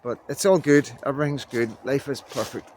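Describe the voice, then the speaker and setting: A man's voice: medium pitch, brisk, a little mellow, slight background noise. Northern Irish man, rambling to camera. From Belfast, Northern Ireland. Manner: rambling, repeats "you know what I mean". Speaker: vlogger. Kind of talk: casual talk to camera. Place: indoors in Scotland.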